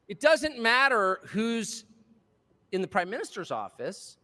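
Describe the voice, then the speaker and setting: A man's voice: high-pitched, sing-song, a little slow, pushed and bright. A man giving a political speech to a live audience, impassioned and sardonic, with mocking asides. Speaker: speaker addressing a live audience. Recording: long hall reverb.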